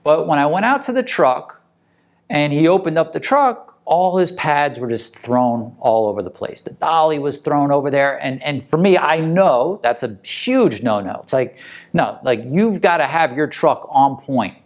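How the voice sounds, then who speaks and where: A man's voice: a little high, lively intonation, normal speed. A man coaching moving company owners in a casual motivational talk, talking conversationally and often checking in with the listener. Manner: conversational, tag questions.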